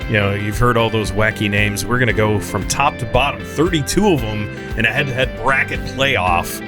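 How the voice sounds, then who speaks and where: A man's voice: moderate pace, music in the background. A Canadian man co-hosting a casual podcast, reading an ad with jokey, hammy delivery. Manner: jokey, hammy ad delivery with big pitch swings. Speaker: podcast co-host. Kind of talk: casual chat and playful ad read.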